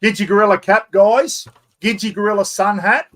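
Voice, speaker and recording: A man in his fifties with an Australian accent, excitedly hosting a chatty live stream giveaway and poking fun at himself. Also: high-pitched, normal speed. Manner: excitable, chatty, self-mocking.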